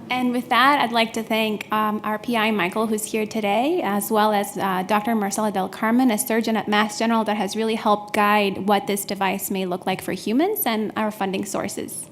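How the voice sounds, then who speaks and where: A woman's voice: medium pitch, little pitch movement, normal speed, few pauses. A woman researcher introducing a colleague and giving thanks at an exhibit talk. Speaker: researcher presenting. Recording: faint background noise of a room.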